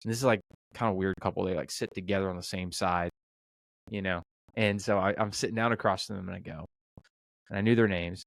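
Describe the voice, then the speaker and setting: A middle-aged man with a somewhat low voice tells a story in a relaxed interview and plays out each exchange with quick restarts and fillers. The sound is dry and close, with no room around it. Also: creaky, dry recording. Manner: animated storyteller, acts out quoted dialogue, many fillers and restarts. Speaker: restaurant owner, podcast guest.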